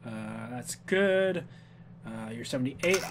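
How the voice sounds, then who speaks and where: Goofy high-voiced man playing a game. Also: moderate pace, fairly bright tone, a little hiss or hum. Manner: goofy, talks back to game characters, hums and sings to himself. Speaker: let's player. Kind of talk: casual gameplay commentary.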